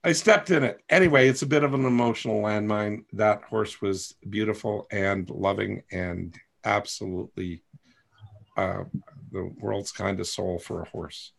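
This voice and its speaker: Male coach-host, gravelly and husky, candid and rambling, self-mocking. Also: lowish voice, steady tone, normal speed, fairly bright tone. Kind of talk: coaching talk to a group.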